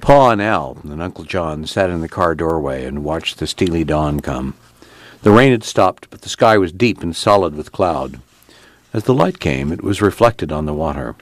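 A man narrating a novel in a steady, measured reading. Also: extremely low pitch, no echo. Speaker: audiobook narrator. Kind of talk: scripted narration.

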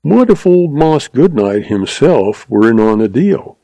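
A man narrating a western audiobook in a steady storytelling voice. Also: mid-range voice, a little slow, no room sound, poor audio.

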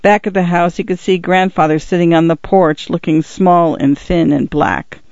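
A man narrating an audiobook in a measured, even manner. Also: fairly high pitch, gravelly, no room sound. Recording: dull lo-fi dry recording.

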